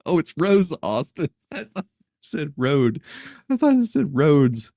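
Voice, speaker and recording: A man's voice: a little high, big pitch swings, unhurried, warm tone, dry recording, studio quality. A man hosting a casual news commentary show, laughing often and teasing the stories he reacts to. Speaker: host.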